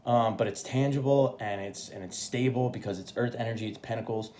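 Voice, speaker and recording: A man's voice: mid-range voice, brisk, darkish tone, a little hiss or hum. A man giving a casual tarot reading, swearing freely and checking in with "right?" often. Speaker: tarot reader.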